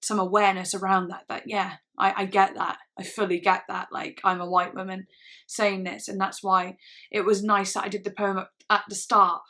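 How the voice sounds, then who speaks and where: A woman's voice: medium pitch, little pitch movement, normal speed, bright, forceful tone. A young woman vlogging to camera in a casual, earnest way, rambling with lots of "like" and restarts. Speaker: YouTube reaction vlogger.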